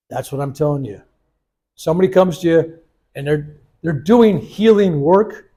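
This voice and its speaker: A man's voice: on the high side, normal speed, slightly rough. A man in his seventies, a reverend leading a healing workshop, telling stories with animation and acting out the voices he quotes. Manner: animated storyteller who acts out the voices he quotes. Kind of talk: storytelling workshop talk. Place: workshop room.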